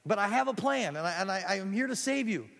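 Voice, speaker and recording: A man's voice: high voice, lively intonation, quick pace, gravelly, a bit bright, pitched above the performer's own voice, exaggerated voice. A man voicing an eager young boy who has turned into an ant, stammering and breathless as he talks. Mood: pleading. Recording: echoey hall.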